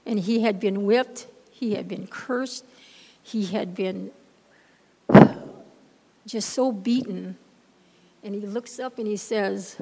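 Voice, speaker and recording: A woman's voice: mid-range voice, slow, long pauses, a little mellow. A woman at a handheld microphone tells a heartfelt story as part of a church lesson. She talks unhurriedly and in an emphatic way, circling back over her key phrases. Her voice carries a long reverb off the large room. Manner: emphatic, repeats phrases for effect. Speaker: lay speaker giving a church lesson. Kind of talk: heartfelt sermon-style storytelling.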